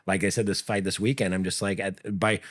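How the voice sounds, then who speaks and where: A middle-aged man, an MMA coach and former comedian, chatting on a podcast, telling animated stories and breaking into loud, high quoted voices. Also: fairly quick. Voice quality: often breaks off and restarts sentences. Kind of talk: casual podcast chat.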